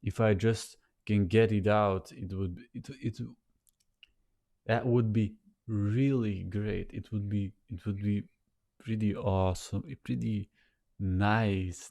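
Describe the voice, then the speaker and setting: A man rambling to a camera set a little way off, thinking aloud in a halting, self-conscious way, with a nasal voice and many repeated words and restarts. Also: on the low side, fairly even intonation, gravelly, dark tone. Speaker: vlogger. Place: sitting in front of a camera.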